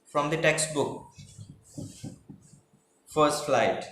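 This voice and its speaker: A man's voice: fairly high pitch, drawn-out words, fairly bright tone. A male teacher, patiently explaining class projects and rephrasing each point. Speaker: English teacher. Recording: echoey room with faint noise.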